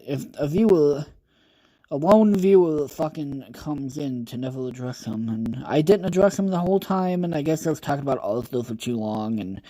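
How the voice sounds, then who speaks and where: A man's voice: medium pitch, warm tone. A young man around twenty hosting a livestream podcast, chatting casually about creepypastas in a rambling, profane, joking way.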